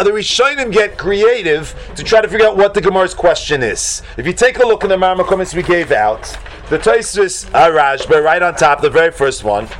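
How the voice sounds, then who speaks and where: A man teaching a Talmud class to students, animated, acting out shocked exclamations and talking casually with many fillers. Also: sits high, slight background noise.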